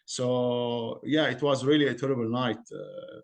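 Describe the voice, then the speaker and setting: A man in an interview, recounting events as a community member in a halting, earnest way, often searching for words. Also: medium pitch, creaky.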